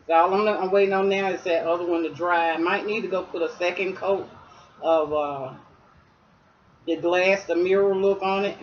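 A woman's voice: on the low side, fairly even intonation, normal speed, slight background noise. A woman chatting through a casual craft tutorial at home, talking straight to her viewers. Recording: slightly dull lo-fi sound.

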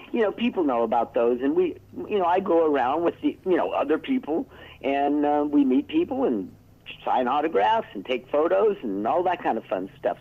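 A sixties-aged man as a phone-in guest who tells rambling stories; fairly high voice on a tinny phone line. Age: 60s. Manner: rambling, self-interrupting storyteller. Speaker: interview guest. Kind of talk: casual phone interview. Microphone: telephone.

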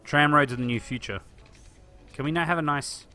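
A man's voice: on the high side, moderate pace, bright, forceful tone, faint music behind. A man chatting casually through a live stream of a city-building game, thinking aloud and answering viewers. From Australia. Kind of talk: live-stream gameplay commentary.

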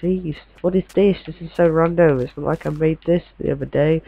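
A man's voice: fairly high pitch, steady tone, a little fast, gravelly, few pauses, phone-quality sound. A man giving casual, chatty gameplay commentary, muttering to himself and swearing mildly as he plays.

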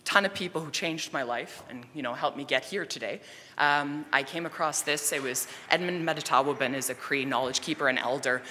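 A man's voice: mid-range voice, slight background noise. Man presenting in an echoing hall. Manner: conversational, many fillers, animated retelling. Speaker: conference presenter. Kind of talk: storytelling presentation. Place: conference hall. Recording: long reverb of a conference hall.

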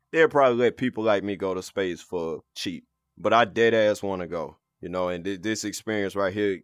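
Excitable, slangy man gaming in VR. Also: lowish voice, no echo, clean studio sound. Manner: excitable, slangy, swears freely. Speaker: VR gaming video host. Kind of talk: casual gameplay commentary. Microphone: VR headset setup.

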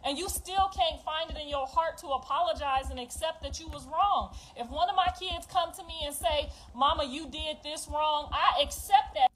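A woman's voice: sits high, moderate pace, hardly any pauses, a bit bright, slight background noise, poor audio. A woman in her fifties, a mother telling her life story in an emphatic, blunt, confessional livestream rant. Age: 50s.

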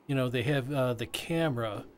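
Man voicing interview answers with halting restarts. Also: medium pitch, a little hiss or hum. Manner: halting, frequent restarts and repeated words.

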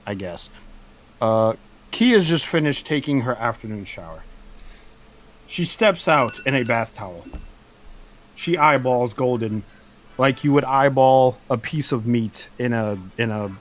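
A man in his thirties streaming, chatting casually with his audience and telling joking mock-serious stories. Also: mid-range voice. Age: 30s. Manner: playful, mock-serious, acts out silly scenes.

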